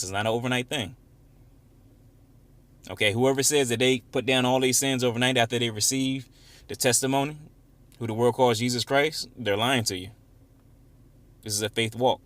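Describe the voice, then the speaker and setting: A man leading an informal Bible study, reading verses slowly and with emphasis, then explaining them in casual, conversational talk. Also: medium pitch, steady tone, a bit bright. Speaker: Bible teacher.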